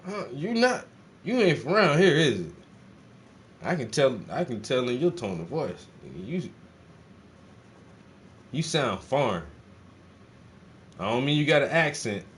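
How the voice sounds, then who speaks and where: A man streaming live while he paints, chatting casually to his viewers in a blunt, animated way, swearing freely and firing off rhetorical questions. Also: mid-range voice, measured pace, pauses often, a little hiss or hum.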